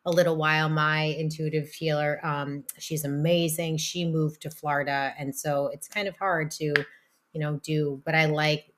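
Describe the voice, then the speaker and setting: A woman with a low-pitched voice co-hosts a podcast in casual conversation. She speaks earnestly and with enthusiasm. Her delivery turns animated when she gets excited. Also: moderate pace, slight background noise. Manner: enthusiastic, earnest, talks of healing and energy. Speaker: podcast co-host. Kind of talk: casual chat.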